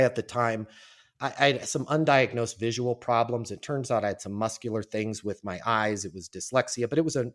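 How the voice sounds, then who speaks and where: Man, fifty, podcast guest, lively storyteller, plays out quoted voices, repeats words. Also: mid-range voice. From Colorado, US. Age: 50s. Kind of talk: storytelling in a casual interview.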